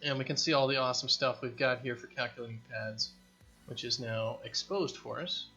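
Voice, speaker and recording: A man's voice: mid-range voice, brisk, sharp tone, muffled recording, faint music behind. A man who is an indie game developer, rambling and joking at his own expense in a casual dev vlog recorded in his home basement while he programs. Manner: rambling, self-deprecating, joking.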